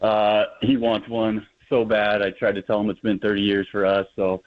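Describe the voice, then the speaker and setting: A middle-aged man calling into a radio show, speaking in a halting, heartfelt way with a down tone. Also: lowish voice, completely flat delivery. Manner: halting, heartfelt, many uhs. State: downcast. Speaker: caller. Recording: phone line.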